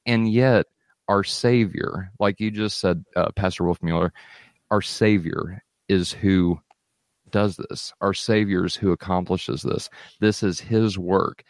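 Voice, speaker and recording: A man's voice: on the low side, steady tone, unhurried, no room sound, studio quality. A man hosting a faith podcast, earnestly summing up the discussion. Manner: earnest, summarizing, affirming. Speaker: podcast host. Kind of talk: conversational podcast chat.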